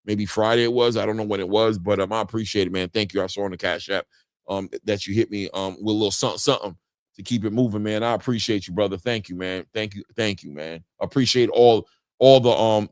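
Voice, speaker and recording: A man hosting a boxing live stream in casual chat, reading viewer comments aloud and often ending his lines with "man". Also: dry recording. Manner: animated, jumps in pitch when greeting viewers. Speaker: boxing show host.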